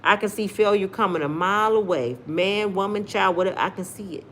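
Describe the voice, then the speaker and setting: A woman's voice: mid-range voice, fairly quick, slight background noise. A middle-aged woman with an African American accent, giving sassy live-stream commentary and talking straight to her viewers. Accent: African American English. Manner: animated and sassy, addresses viewers directly. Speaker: commentary vlogger reading live chat.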